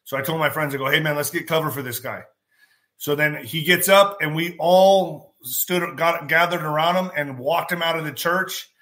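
A man with a fairly high, bright voice tells a story on his podcast. He talks casually and with energy, acting out what people said and dropping curse words as he goes. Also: normal speed. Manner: animated, acts out quotes, swears. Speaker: podcast host.

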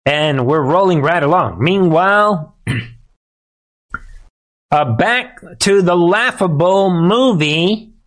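A man's voice: high voice, lively intonation, slow pace, long pauses. A man hosting a live political commentary show, speaking straight to his audience in a sarcastic, emphatic way.

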